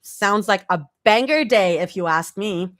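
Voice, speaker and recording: Brief: high, playful teasing young woman, as a woman reader puts her on. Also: very animated, moderate pace, fairly bright tone, no room sound, clean studio sound.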